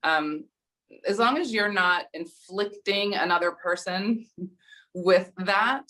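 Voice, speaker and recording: A woman's voice: mid-range voice, slow pace, sharp tone, rough recording. A woman guest on a talk show, speaking in a thoughtful, reflective and affirming way. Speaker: guest intuitive reader. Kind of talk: casual chat.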